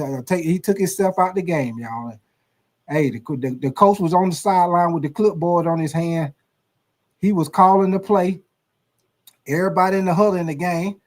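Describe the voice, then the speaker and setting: A man hosting a sports talk livestream, ranking players in a slangy, animated storytelling style full of curses. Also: sits high. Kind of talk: casual sports commentary.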